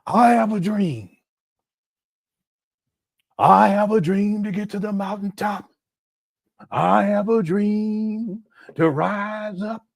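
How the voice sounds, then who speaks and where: A man imitating a male civil-rights preacher giving a speech, in a slow, drawn-out orator's cadence, standing back from the mic. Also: sits high, gravelly, no echo, clean studio sound, voice pushed up, full character voice. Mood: mock-solemn.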